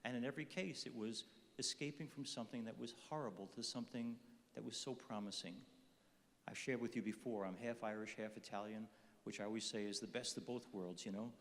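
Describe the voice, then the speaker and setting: A man's voice: on the low side, fairly even intonation, fairly quick. Older man preaching in a reverberant hall. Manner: earnest storytelling with humor. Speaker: conference speaker. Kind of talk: inspirational talk. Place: large conference hall.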